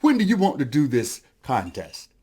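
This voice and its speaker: A man's voice: mid-range voice, wildly swooping pitch, moderate pace, warm tone, husky. A man doing a huge scoffing whale. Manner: mocking, disbelieving.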